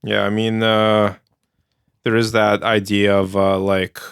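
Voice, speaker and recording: A man's voice: fairly low pitch, little pitch movement, takes it slowly, vocal fry, clear, resonant tone, dry recording. A man co-hosting a podcast, laid-back with short replies and dry asides. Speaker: podcast co-host. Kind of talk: casual conversation.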